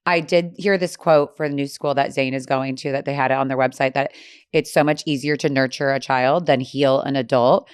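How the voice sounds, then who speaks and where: A woman's voice: very deep voice, fairly even intonation, a little fast, clear, resonant tone, no room sound, studio quality. A young woman co-hosting a podcast, talking casually and candidly about motherhood, with lots of "like" fillers. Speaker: podcast co-host. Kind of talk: casual chat.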